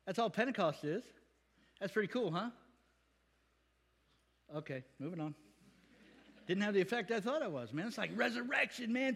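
A man preaching a sermon as pastor, animated and conversational, acting out the people he quotes. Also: sits high, normal speed, creaky, pauses often, husky. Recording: long hall reverb.

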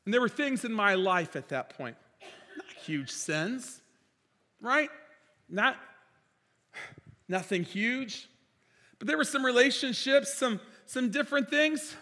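A man preaching a sermon as pastor, impassioned, swinging between loud declarations and quiet storytelling. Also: very high voice, lively intonation, takes it slowly, long pauses. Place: church sanctuary. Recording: reverberant church hall.

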